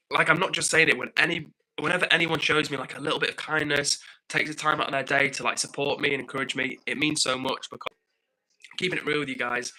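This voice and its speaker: A man's voice: mid-range voice, pushed and bright, poor audio. A young man hosting a live stream, reading viewer comments in a friendly, upbeat, chatty way.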